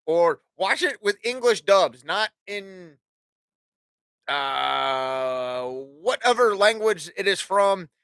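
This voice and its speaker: A man in his forties with a high, bright voice delivers a rambling, swear-heavy rant as a talk show host. The sound is dry and close, with no room echo. He jumps from one opinion to the next in a loose, casual way. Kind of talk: casual ranting monologue.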